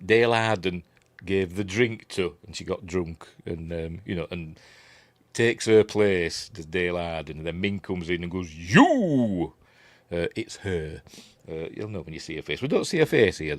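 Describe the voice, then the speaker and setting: Middle-aged Yorkshire male host, low voice with a lot of swing in it, rambling live commentary, dry close sound. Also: dry recording. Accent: Yorkshire English. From Yorkshire, England. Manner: chatty, rambling, laughs at his own jokes; reads out viewer chat messages. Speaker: host of a livestream review show.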